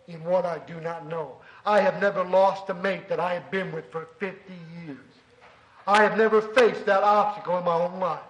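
A man preaching a sermon, telling a story earnestly and dropping to a soft, low voice for emphasis. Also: reverberant, muffled recording.

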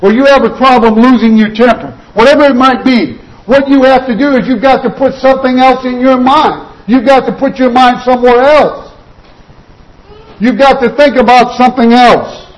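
A man preaching a sermon, exhorting his listeners with repeated phrases and dropping slower and quieter on key points. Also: extremely high pitch, rough recording. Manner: earnest exhortation with repeated "you've got to" phrases.

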